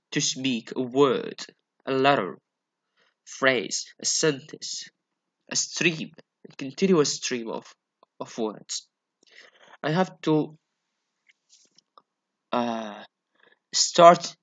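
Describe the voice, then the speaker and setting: Slow, hesitant male phonetics lecturer. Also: mid-range voice, a bit bright. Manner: slow, hesitant, many fillers and repeated okays. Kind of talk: classroom lecture.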